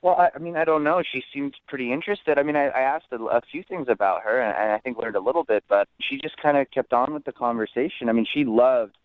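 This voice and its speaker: A man's voice: mid-range voice, fast, few pauses, dry recording. A man calling in to a radio show by phone, talking hesitantly with lots of restarts and "I mean". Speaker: caller. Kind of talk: phone-in chat. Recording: thin phone line.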